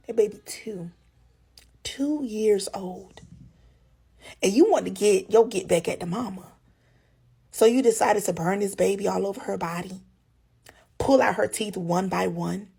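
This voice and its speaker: A woman with a gravelly voice giving slow, deliberate commentary to her viewers. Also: medium pitch, darkish tone. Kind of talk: social media commentary.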